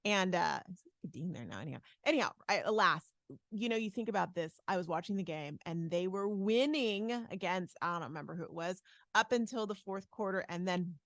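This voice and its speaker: A woman co-hosting a podcast in casual chat, playful and lively, jumping between topics. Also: on the low side, fairly quick, no echo, studio quality. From Arizona, USA. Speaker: podcast co-host.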